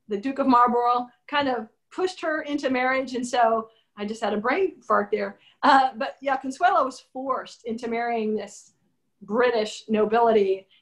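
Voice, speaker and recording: Lively higher-voiced woman novelist. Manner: animated, acts out character dialogue. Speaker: novelist being interviewed. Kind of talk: conversational interview answers.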